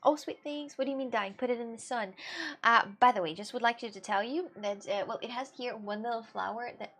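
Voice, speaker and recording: Animated woman streamer chatting. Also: on the high side, a little fast. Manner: animated, ranting, laughs often, fillers like "you know". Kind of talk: casual live-stream chat.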